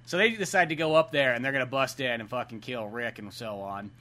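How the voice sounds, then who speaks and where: Bright-voiced man, casual profane chat. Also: mid-range voice, brisk. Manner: profane, rambling, laughing. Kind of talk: casual chat about a film.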